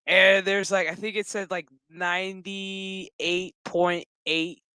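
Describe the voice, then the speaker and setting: A man rambles through a casual, swear-filled TV episode recap, cracking jokes as he goes. His voice is bright and crisp. The recording is dry and close. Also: high-pitched, little pitch movement, takes it slowly, no echo, poor audio. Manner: profane, rambling and joking. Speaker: gaming channel host.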